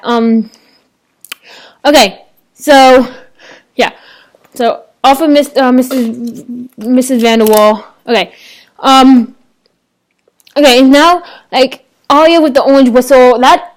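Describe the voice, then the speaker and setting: A young woman, chatting casually to her laptop webcam at home, rambling excitedly with lots of fillers and restarts. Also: high-pitched. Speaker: vlogger reviewing a TV episode. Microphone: laptop webcam microphone.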